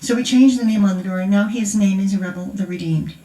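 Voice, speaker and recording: Her mid-range voice is mellow and fast as this grandmother chats and laughs through a testimony told as stories. She's an older woman at a conference, recorded from far away in a large, echoey church hall.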